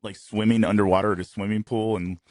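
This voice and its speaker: A man's voice: on the low side, fast, dry recording, studio quality. A man co-hosting a casual podcast, joking and going off on tangents. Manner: joking, tangent-prone, expressive. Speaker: podcast co-host. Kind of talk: casual chat.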